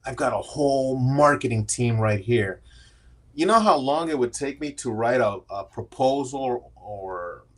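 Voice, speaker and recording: Candid middle-aged man telling his story. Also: mid-range voice. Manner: candid, storytelling with frequent restarts. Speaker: podcast guest. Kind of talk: casual interview conversation.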